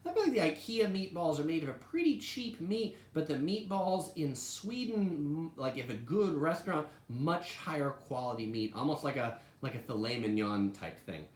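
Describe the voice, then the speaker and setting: A woman's voice: deep voice, animated, moderate pace, hardly any pauses, a little mellow, reverberant. A woman hosting a casual live stream about food, chatty and full of "like" fillers. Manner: chatty, heavy use of "like" fillers. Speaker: travel channel host.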